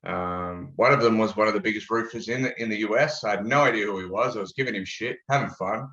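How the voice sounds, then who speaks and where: A man's voice: on the low side, quick pace, sharp tone. Laid-back Australian man, echoey room. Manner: laid-back, jokey storytelling. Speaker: guest. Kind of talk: casual interview chat. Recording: echoey, dull-sounding room.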